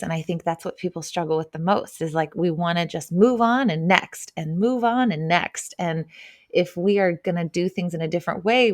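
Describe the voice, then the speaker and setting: A woman with a fairly low voice speaks as a podcast guest, earnest and emotionally open. Reflecting in a casual chat, she often drops "like" and "right?". The sound is clean studio quality with no echo.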